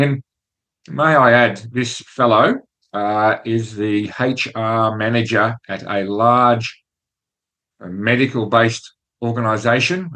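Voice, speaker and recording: A man hosting a whisky show, talking casually with fillers and restarts. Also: mid-range voice. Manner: chatty, relaxed, with fillers and restarts. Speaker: host.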